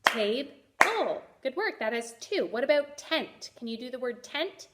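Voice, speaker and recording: A woman teacher giving a first-grade reading lesson, sounding out letters clearly and praising the children. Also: high voice, lively intonation, normal speed, fairly bright tone. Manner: encouraging.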